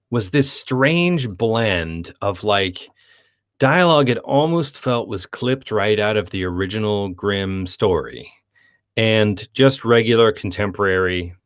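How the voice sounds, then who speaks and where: A man's voice: on the low side, unhurried. A man co-hosting a film review podcast, talking casually and acting out quoted lines in playful voices. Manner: animated, acts out quoted dialogue in playful voices. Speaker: podcast co-host.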